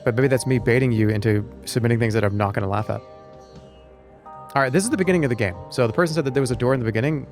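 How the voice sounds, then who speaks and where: A man's voice: mid-range voice, racing, a little mellow, soft background music. A man streaming a video game, chatting loosely with his audience in a rambling, joking way. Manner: rambling, jokey, talks to chat. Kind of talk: live gaming commentary.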